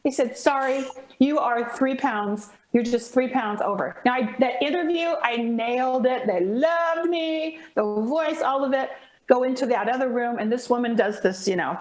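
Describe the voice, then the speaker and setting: A woman guest telling a lively, dramatic story in a podcast conversation, acting out the people in it. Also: fairly high pitch, echoey room. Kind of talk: animated storytelling in a podcast chat.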